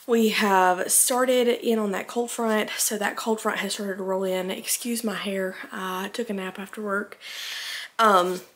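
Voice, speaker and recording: A woman's voice: mid-range voice, steady tone, measured pace, a bit bright. A young woman from Alabama, chatting casually in a rambling home vlog, a little out of breath. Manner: rambling, filler-heavy, chatty. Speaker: vlogger.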